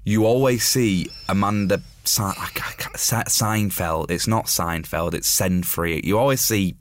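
A man's voice: deep voice, unhurried, a little hiss or hum. A man co-hosting a casual chat about a film musical, opinionated and full of restarts. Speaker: podcast co-host.

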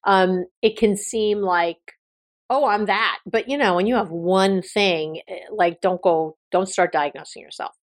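A woman's voice: fairly low pitch, steady tone, a little slow, few pauses. A woman hosting her own podcast, explaining a mental health topic in a conversational way, with fillers and self-corrections, speaking straight to the listener. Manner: explanatory, addresses listener directly. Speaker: podcast host and therapist. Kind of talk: solo podcast talk.

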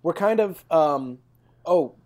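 A man's voice: on the high side, expressive, slow pace, darkish tone. Rambling young man co-hosting a podcast. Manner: rambling, hesitant, laughs often. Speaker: podcast co-host. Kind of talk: casual podcast banter.

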